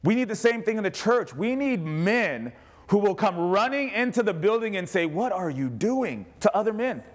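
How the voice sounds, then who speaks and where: A man's voice: high voice, animated, moderate pace. A man preaching a fervent, emphatic sermon as pastor in a church, using repeated rallying phrases. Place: church sanctuary with a responding congregation.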